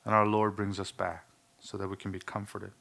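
A man's voice: fairly low pitch, little pitch movement, fairly quick, gravelly, a bit bright. A male pastor preaching a sermon in an earnest, emphatic way, with some humorous asides.

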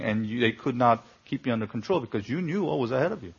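A male pastor preaching a sermon in a gravelly, husky voice. He asks the congregation pointed rhetorical questions and pushes hard on key words. The recording is dull and lo-fi. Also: mid-range voice, animated, fast talker, few pauses.

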